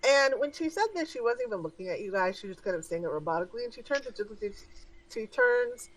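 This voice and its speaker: A woman's voice: fairly high pitch, big pitch swings, fast talker, distant mic, a little hiss or hum, rough recording. A woman narrating a tabletop game as game master, in a casual, hesitant way with many fillers.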